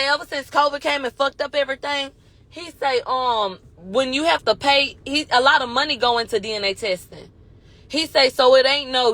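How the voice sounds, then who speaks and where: A woman with a high voice recaps a courtroom day in loose, slangy storytelling. She strings quotes together in a rapid he-said chain. The sound is dry and close. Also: dry recording. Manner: animated, slangy, retells quotes in a running he-said chain. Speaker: commentator recapping a trial.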